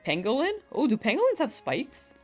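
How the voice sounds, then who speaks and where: A woman's voice: a little high, huge pitch swings, moderate pace, soft background music. A young woman from the United States chatting casually with viewers on a live game stream, giggling often between remarks.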